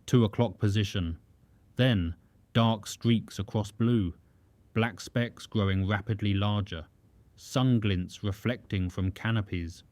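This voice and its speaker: A man giving scripted story narration in a measured, even delivery. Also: lowish voice, no echo. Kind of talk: scripted documentary-style narration.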